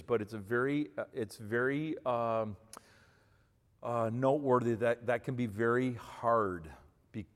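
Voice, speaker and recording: A man in his fifties with a mid-pitched voice, talking folksy and emphatic as he advises an audience. His words carry a long hall reverb. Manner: folksy, emphatic, repeats himself. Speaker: speaker giving marriage advice to men. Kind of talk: advice talk to an audience.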